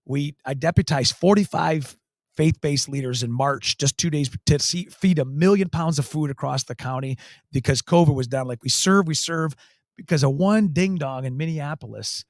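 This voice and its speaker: A man's voice: on the high side, normal speed, no echo, clean studio sound. A man, a county sheriff, telling a story in an interview, emphatic and earnest, repeating key phrases. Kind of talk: storytelling in a talk show interview.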